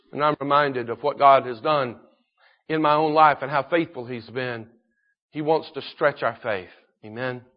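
A man preaching a sermon in an earnest manner, slowing down to stress key points and often clearing his throat. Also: sits high. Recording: dull lo-fi recording.

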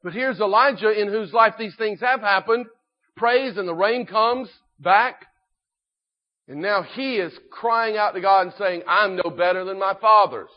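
A man preaching a sermon, emphatic and repetitive, rising in force and dropping low again. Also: unhurried. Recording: dull lo-fi recording.

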